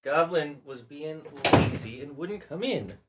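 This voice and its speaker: A man's voice: on the high side, animated, a little slow, heavy background noise. A man, a game master, chatting casually on his live stream from his home room, with showy greetings and chatty asides.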